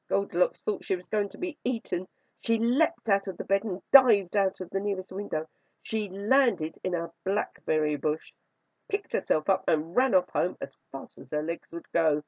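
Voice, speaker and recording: A fairy tale is read aloud by a storyteller whose mid-range voice lingers expressively over the words. The recording is dry and dull, without any room sound.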